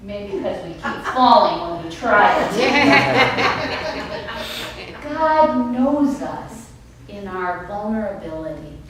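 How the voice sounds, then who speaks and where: A woman pastor delivering a sermon, emphatic and storytelling, with dramatic pauses, recorded from far off in an echoey church sanctuary. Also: medium pitch, lively intonation, a crowd in the background.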